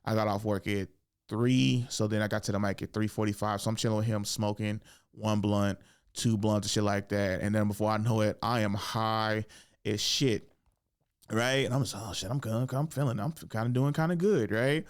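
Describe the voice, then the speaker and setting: A man's voice: fairly low pitch, moderate pace, clear, resonant tone. A young man hosting a casual podcast, telling a story with lots of swearing and jumping into voices. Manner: animated storyteller, swears a lot, acts out voices. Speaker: podcast host and stand-up comedian.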